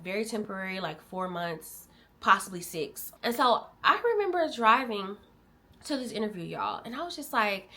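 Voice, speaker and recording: A young adult woman from Illinois, telling viewers a heartfelt personal story in a candid, emotional way, swinging from animated bursts to quiet, soft-spoken moments. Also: mid-range voice. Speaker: vlogger.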